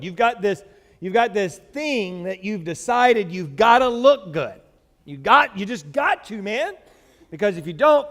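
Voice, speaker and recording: High-pitched, animated preacher man. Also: big-room sound. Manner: animated, joking, reads scripture aloud with emphasis. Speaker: pastor. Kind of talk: sermon. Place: church sanctuary.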